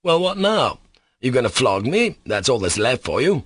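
A man's voice: mid-range voice, brisk, a bit bright, close to an everyday voice. A man reading Mitya, a bitter accused man. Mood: scornful. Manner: agitated, bitter outbursts. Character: angry proud young man under questioning. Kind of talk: audiobook character reading.

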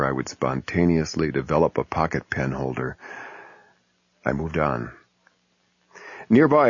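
Deep, husky man reading wry humor. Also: dry recording. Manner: wry, deadpan. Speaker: humor columnist reading his piece. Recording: muffled lo-fi recording.

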